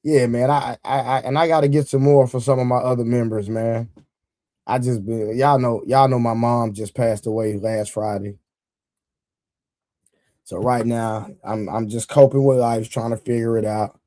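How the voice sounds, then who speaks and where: Man, livestream host, casual chat with viewers, loose repetitive delivery, dark mellow tone, dry close sound. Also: medium pitch, steady tone, moderate pace, no echo. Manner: loose and repetitive, laughs often, talks straight to chat. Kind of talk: casual live-stream chat, reading viewer comments aloud.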